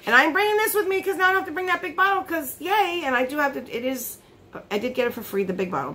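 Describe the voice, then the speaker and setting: A woman vlogger chatting casually as she unboxes beauty products, easily surprised and quick to laugh, recorded on her phone. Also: high-pitched, a bit bright, a little hiss or hum.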